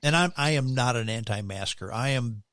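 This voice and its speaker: A man's voice: mid-range voice, normal speed, fairly bright tone, no room sound. Guy hosting a podcast, easygoing chatty storyteller, dry close sound. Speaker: podcast host. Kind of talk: casual chat.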